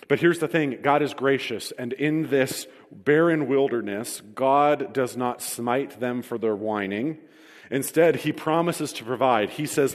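A man's voice: mid-range voice, unhurried, big-room sound. A man preaching a sermon, telling the scripture story vividly with wry self-deprecating humor and reading verses aloud. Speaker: pastor.

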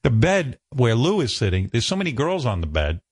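A man's voice: medium pitch, huge pitch swings, fairly quick, husky, no room sound. Self-mocking man telling stories. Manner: self-mocking, acts out other people's lines. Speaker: radio host. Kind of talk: comic storytelling chat.

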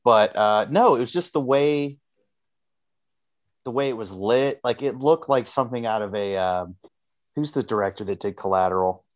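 A man's voice: medium pitch, normal speed, no echo. A man co-hosting a podcast, chatting loosely about a TV episode and swearing freely. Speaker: podcast co-host. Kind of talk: casual chat.

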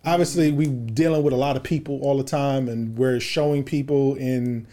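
A man co-hosting a casual podcast, asking the group loose, relaxed questions. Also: medium pitch, moderate pace. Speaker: podcast co-host.

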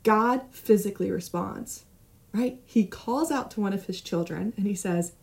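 A young woman teaches a Bible study in a relaxed, conversational way. She reads passages aloud, then talks them over with lively emphasis and keeps checking in with her listeners. Her voice sits at a middle pitch. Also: a little slow. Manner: conversational, animated, asks frequent "right?" tag questions. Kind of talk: casual Bible study teaching with scripture reading.

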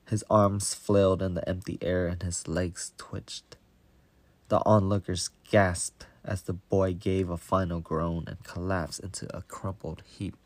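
Slow, deep, gravelly male storyteller. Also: no echo. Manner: slow, even, deliberate reading. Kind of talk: scripted Bible story narration.

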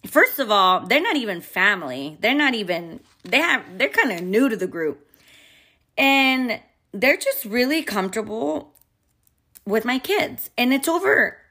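A young woman and mother telling a personal story in a candid, expressive way, swearing freely. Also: mid-range voice. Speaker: vlogger and mother. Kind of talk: casual storytime.

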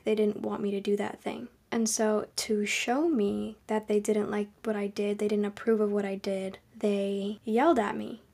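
A young woman hosting a podcast, giving advice in a calm, earnest, conversational monologue. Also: medium pitch, slightly rough. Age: young adult. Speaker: podcast host.

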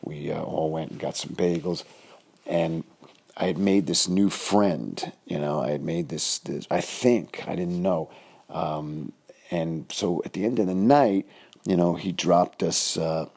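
A man's voice: low voice, a little slow, creaky, darkish tone, slightly rough. A man, telling a rambling podcast story full of fillers and restarts. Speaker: podcast host. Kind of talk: casual storytelling monologue.

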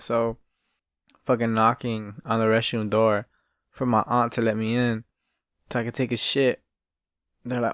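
Guy rambling thru funny stories on his podcast, swears a lot, smooth voice, dry close sound. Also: mid-range voice, little pitch movement, measured pace, long pauses, no room sound. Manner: rambling, profane, laughing at his own stories. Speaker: podcast host. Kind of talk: casual solo storytelling.

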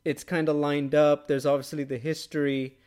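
A man's voice: a little high, flat delivery, a little mellow. Upbeat man hosting a fight-talk podcast. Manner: quick, upbeat, conversational with quoted asides. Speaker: MMA podcast host. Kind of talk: casual sports chat.

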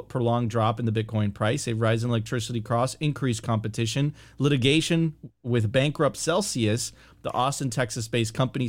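Excitable man reading market news. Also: medium pitch. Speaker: co-host. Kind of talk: casual finance chat.

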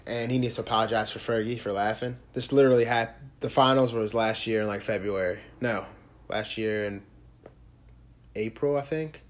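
A man's voice: on the low side, fairly even intonation, normal speed. A man co-hosting a podcast, rambling loosely in casual chat, joking and swearing. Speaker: podcast co-host.

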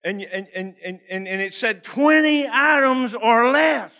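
A man's voice: very high-pitched, unhurried, bright, forceful tone. A man preaching a sermon in a church, folksy and joking, laughing often at his own stories. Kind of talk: humorous sermon.

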